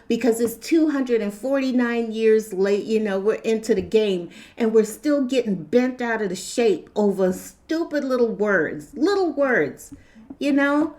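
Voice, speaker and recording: A woman talking in a casual opinion monologue, animated, often laughing and acting out imagined dialogue. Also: high voice. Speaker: vlogger.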